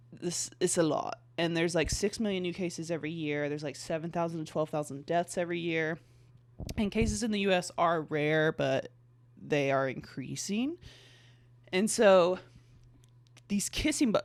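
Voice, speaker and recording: A young adult podcast host chats casually and reads passages aloud in a gravelly, mid-range voice with no echo. He or she stumbles and restarts often, dropping in lots of "like."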